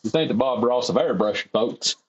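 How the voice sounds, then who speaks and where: Guy streaming from his home workshop, rambling and self-deprecating, husky voice, dull lo-fi sound. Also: medium pitch, moderate pace. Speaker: airbrush artist streaming his work. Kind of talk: casual livestream chat while painting.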